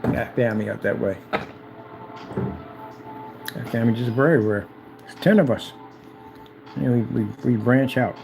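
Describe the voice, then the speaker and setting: A man talking casually and repetitively, hyping himself up while reading instructions aloud haltingly. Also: mid-range voice, creaky, noisy background. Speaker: DIY projector screen vlogger. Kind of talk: casual self-recorded commentary.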